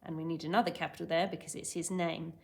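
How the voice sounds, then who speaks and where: A woman primary school teacher giving a recorded lesson, dictating sentences clearly and word by word. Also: low-pitched, flat delivery, fast.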